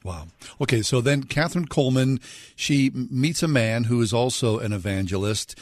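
A man's voice: mid-range voice, normal speed, a little mellow, no echo. Male radio host, dry close mic, conversational interviewer. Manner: conversational, leading questions.

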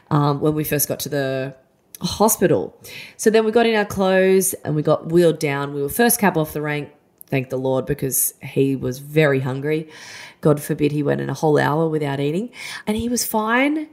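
A woman's voice: low-pitched, darkish tone. A woman, a mum podcaster, casually and candidly telling a personal story with a chatty, self-deprecating manner.

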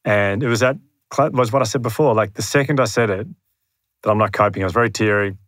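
An Australian man speaking as a podcast guest, his voice sitting low with a very dry, close sound. He tells his story earnestly and pokes fun at himself, often acting out his past thoughts. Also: quick pace, a bit bright, no room sound. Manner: earnest, self-deprecating, acts out his own past thoughts. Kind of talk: candid storytelling in conversation. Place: room near his home.

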